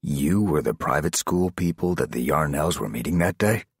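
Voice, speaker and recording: A man voicing a tough but friendly male ex-Navy SEAL, speaking in a plain, direct, husky way. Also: very deep voice, expressive, normal speed, no echo, studio quality, heavily acted.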